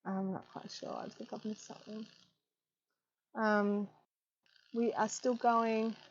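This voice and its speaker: A woman's voice: medium pitch, flat delivery, takes it slowly, dull audio, a little hiss or hum. A woman hosting a casual craft live stream, chatting loosely and reading viewer comments aloud with frequent ums. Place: home craft room.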